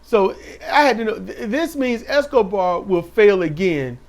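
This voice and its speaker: A man's voice: high voice, expressive, unhurried, few pauses. A man giving a casual, sarcastic recap of a wrestling show, mocking the wrestlers with put-on voices. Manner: sarcastic, mocking impressions in a raised voice.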